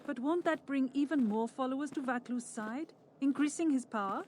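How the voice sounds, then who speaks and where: A woman's voice: high-pitched, moderate pace, a little mellow, a little hiss or hum, lightly acted. An actress playing an anxious young queen in a video game, speaking with a put-on accent. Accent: put-on South Asian-style game accent. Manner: urgent and anxious. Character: worried young queen, earnest.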